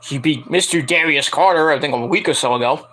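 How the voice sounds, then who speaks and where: Man, fairly high voice, bright tone, casual rambling review, profane, lots of fillers. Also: a little fast. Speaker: wrestling show reviewer.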